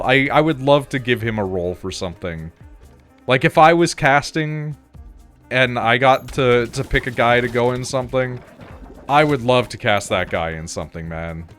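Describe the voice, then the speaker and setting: A man chats casually while streaming a game, rambling through restarts and tossing in casual swearing. His pitch moves in a lively, animated way as he talks. Faint music plays in the background. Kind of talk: casual chat while gaming.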